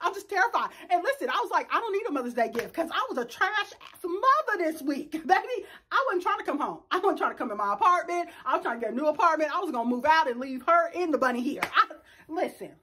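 High-pitched middle-aged woman, animated, telling a wild story to y'all. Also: fast talker, a little hiss or hum. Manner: animated, dramatic storyteller addressing viewers as y'all. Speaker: vlogger. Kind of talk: casual storytelling chat.

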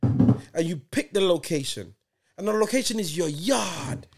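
A man in his forties co-hosting a podcast, telling stories in animated, insistent casual banter. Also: high-pitched, measured pace, soft background music. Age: 40s. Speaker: podcast co-host.

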